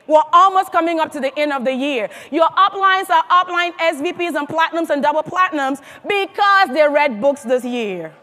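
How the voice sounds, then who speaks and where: A woman's voice: sits high, a bit bright. A woman giving a motivational speech to a live audience, emphatic and firing questions at the crowd. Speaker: motivational speaker at a sales event.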